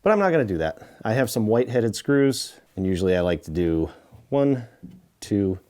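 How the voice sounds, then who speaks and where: Low-voiced man explaining cabinet work. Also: moderate pace, a little hiss or hum. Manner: relaxed, talks while working with tools, drops to mutters. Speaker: DIY home renovation host. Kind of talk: casual how-to demonstration. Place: indoor pantry under renovation.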